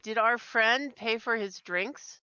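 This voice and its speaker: A player at a tabletop game asks wry questions in casual chat. The voice is bright and smooth, and the recording is dry and slightly lo-fi. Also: medium pitch, slow, no room sound.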